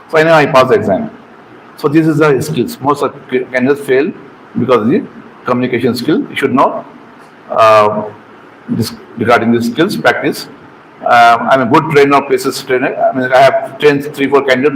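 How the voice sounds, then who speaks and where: A middle-aged man, a medical exam trainer, giving an informal lecture to students, talking in halting phrases, repeating words and asking the room questions. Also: mid-range voice, fairly bright tone, slight background noise, low-quality recording.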